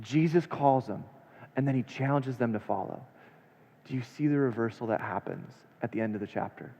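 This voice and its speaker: A man preaching a sermon, reading scripture aloud and then unpacking it with rhetorical questions, his delivery swinging between hushed and emphatic. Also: mid-range voice, a little fast, vocal fry. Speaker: pastor. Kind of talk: expository sermon. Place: church sanctuary. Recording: long church reverb, dull lo-fi sound.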